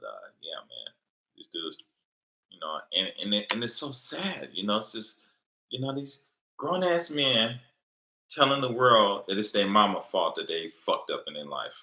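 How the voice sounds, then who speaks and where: A middle-aged man talks through a late-night livestream, blunt and profane, rambling and circling back with plenty of fillers. His voice sits very low, with a gravelly edge and a sharp, bright tone. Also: poor audio. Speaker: livestream host answering viewer questions.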